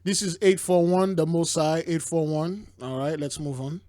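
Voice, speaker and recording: A man's voice: fairly high pitch, normal speed, warm tone, no room sound, studio quality. A man hosting a casual commentary, rambling, stumbling over words and exclaiming as he reacts to news clips. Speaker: host.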